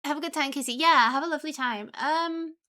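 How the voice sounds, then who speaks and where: A woman's voice: a little fast, pushed and bright. A woman streaming live and chatting casually with her viewers, giggly and chatty. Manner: chatty, giggly, talks to her pets in a high cooing voice. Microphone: headphones with desk mic.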